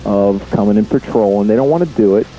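A man's voice: on the low side, fast, mellow, lo-fi sound. A man calling into a radio talk show, laid-back and rambling with hesitant fillers. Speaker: caller. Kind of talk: casual radio call-in.

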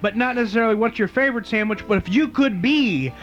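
A man's voice: extremely high pitch, fast talker, a bit bright, lo-fi sound. A man co-hosting a late-night radio talk show, teasing callers and making announcements. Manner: laughing, teasing, plugging announcements.

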